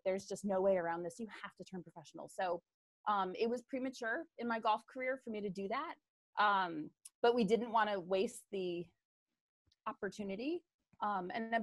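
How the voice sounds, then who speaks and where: A woman's voice: mid-range voice, no echo. A woman golfer being interviewed on a podcast, talking in a chatty way with lots of fillers. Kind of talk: casual interview talk.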